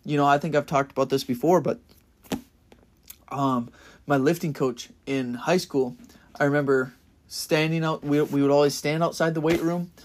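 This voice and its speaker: A young man giving a casual, earnest Bible-study sermon as a podcast preacher, getting louder in bursts of excitement. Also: a little high, normal speed, a little hiss or hum. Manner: earnest and enthusiastic, rising to loud bursts of excitement.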